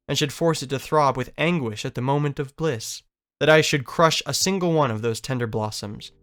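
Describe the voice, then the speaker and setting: A man's voice: medium pitch, a bit bright, clear, resonant tone, close to an everyday voice. A man reading as a lovesick, lonely young male dreamer, with an earnest, wistful literary delivery. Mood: tender. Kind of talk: dramatic reading of a novel.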